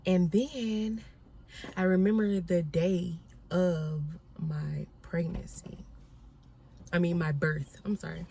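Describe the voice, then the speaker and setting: A woman's voice: lowish voice, unhurried, a bit bright, a little hiss or hum. A young woman telling a personal story to her viewers in a candid, conversational way, often speaking to them directly as y'all. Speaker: vlogger.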